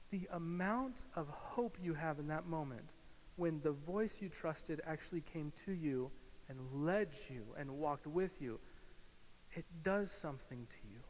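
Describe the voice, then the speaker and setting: A male pastor preaching a sermon, swinging from loud emphasis to hushed, slow guided imagery. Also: fairly high pitch, animated. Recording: hall reverb with faint hiss.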